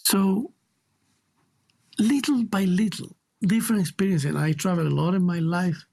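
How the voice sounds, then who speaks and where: A man's voice: high-pitched, moderate pace, gravelly, a little mellow. A man with a Chilean Spanish accent, a guest teacher speaking reflectively and emphatically in an interview, often repeating words for stress.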